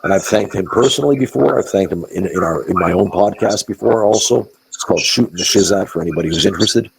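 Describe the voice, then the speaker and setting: A man's voice: fairly low pitch, fast, creaky, a little mellow, a little hiss or hum, low-quality recording. A man telling blunt, profane, emphatic stories as a guest in a wrestling interview, often restarting his words. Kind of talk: candid interview storytelling.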